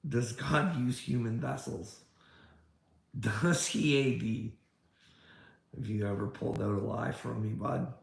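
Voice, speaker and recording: The man's medium-pitched voice is slow and creaky, with frequent pauses and a roomy sound. A video creator, he launches a combative, confrontational rant at a critic packed with rhetorical questions. Expect lots of swearing plus repeated "bud" and "you know what I mean."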